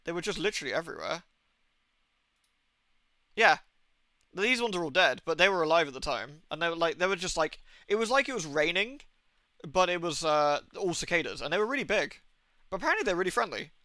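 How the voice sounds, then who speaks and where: A British man in his thirties chats casually over his gaming stream, rambling through anecdotes and swearing freely. His slightly high voice is bright, forceful, and sing-song, moving a little fast with frequent pauses. The sound is close and dry, with no echo or room around it.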